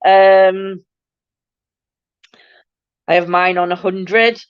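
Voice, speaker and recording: A woman's voice: mid-range voice, steady tone, very slow, smooth, no room sound, highs cut off. Chatty Barnsley woman, broad Yorkshire. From Yorkshire, England. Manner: chatty and laughing, broad dialect. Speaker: livestream host. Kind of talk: casual chat reading viewer comments.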